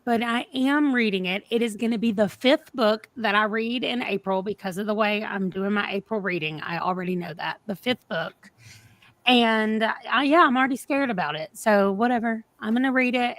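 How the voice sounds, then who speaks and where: A woman's voice: medium pitch, fairly bright tone, no room sound. Chatty woman on a video call, mid voice, dead dry sound. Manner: chatty, rambling. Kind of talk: casual video call chat.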